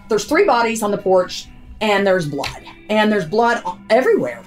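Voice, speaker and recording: A woman's voice: mid-range voice, very animated, normal speed, soft background music. A woman telling, in her own words, what happened to her family, blunt and repeating herself under strain. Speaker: interviewee recounting a family tragedy. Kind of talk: emotional first-person recounting.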